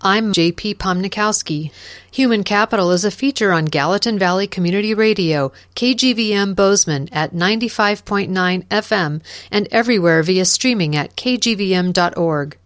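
Woman reading a radio news feature. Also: mid-range voice. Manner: measured, reads news copy with dramatized quotes. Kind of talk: scripted news feature narration.

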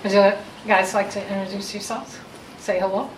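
A woman's voice: mid-range voice, level tone, normal speed. A woman hosting an event in a community center meeting room, friendly and informal as she welcomes the audience. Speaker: event host. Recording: echoey room, noisy.

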